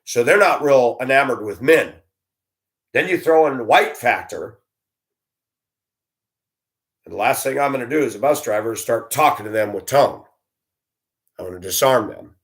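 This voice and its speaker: A man in his fifties, a school bus driver, delivering a blunt, animated rant with swearing and grumbling. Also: medium pitch, normal speed, long pauses. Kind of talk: ranting monologue.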